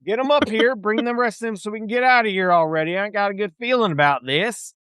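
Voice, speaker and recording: A man playing a gruff, short-tempered older smuggler captain who swears and drawls. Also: high-pitched, fast, fairly bright tone, dry recording, clean studio sound, pitched above the performer's own voice. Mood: irritated. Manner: swearing, drawling, exasperated barking.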